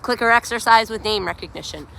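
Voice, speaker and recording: A bright, fairly high-voiced woman coaching a dog outdoors, explaining calmly and then breaking into excited praise. A faint hum of street noise runs underneath, and she sometimes sounds a little far from the camera. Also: quick pace, gravelly. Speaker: dog trainer. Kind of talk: live training commentary. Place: outdoors by a sidewalk.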